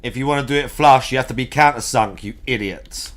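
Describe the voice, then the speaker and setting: A man's voice: medium pitch, a little fast, fairly bright tone. A man in casual banter who plays a video game while swearing crudely and throwing insults at his friend. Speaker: co-streamer playing a video game.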